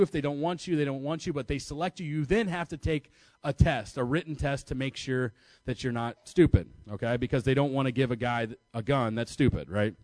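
A man's voice: a little high, no room sound. An American man preaching, telling a story in a chatty, self-mocking way and laughing at himself. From United States. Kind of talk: storytelling sermon to an audience.

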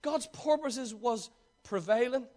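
A man preaching a sermon, reading scripture aloud and then retelling it with swings between loud emphasis and quiet asides. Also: very high voice, slow pace.

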